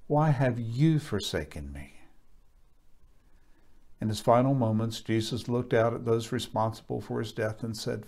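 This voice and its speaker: A man reading scripture aloud at a church service, in a measured and solemn way. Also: mid-range voice, a little mellow.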